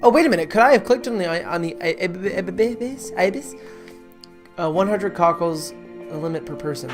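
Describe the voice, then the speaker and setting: A gaming creator playing a story game, reading its text aloud with stumbles and self-corrections and breaking into excited squeals. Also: medium pitch, quick pace. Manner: chatty, trips over words while reading and corrects itself; swings to excited squeals when delighted. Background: game music.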